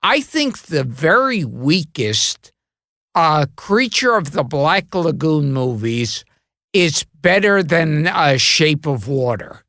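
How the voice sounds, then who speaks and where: A man guest in a casual podcast chat, telling crude stories with a deadpan delivery. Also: on the high side, slow, dry recording, studio quality.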